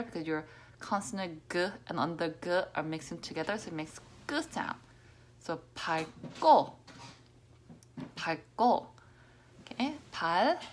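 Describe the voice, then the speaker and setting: Lowish-voiced woman teaching pronunciation, patient, says things over and over, goes quiet and whispery a lot. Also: vocal fry. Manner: patient, repeats words slowly, drifts into soft near-whispers. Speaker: Korean language teacher. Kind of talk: pronunciation lesson.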